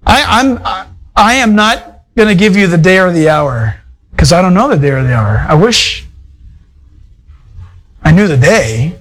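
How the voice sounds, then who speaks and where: A man's voice: sits high, expressive, unhurried, pauses often, a bit bright, low-quality recording. A male pastor preaching a sermon in a conversational, folksy way, full of asides to his congregation. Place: church fellowship hall.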